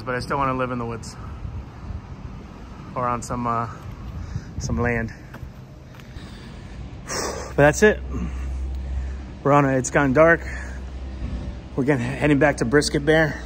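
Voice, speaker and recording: A man's voice: mid-range voice, slight background noise. Joking man vlogging outdoors. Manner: joking, playful banter. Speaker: travel vlog host. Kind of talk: casual chat to camera. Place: outdoors in a city at night.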